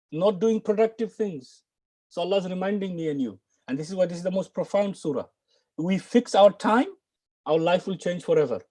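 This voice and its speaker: A man's voice: on the high side, dark tone. A British man teaching an online lesson, stressing key words and repeating phrases for learners to follow. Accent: British English. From United Kingdom. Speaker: Arabic and Quran teacher.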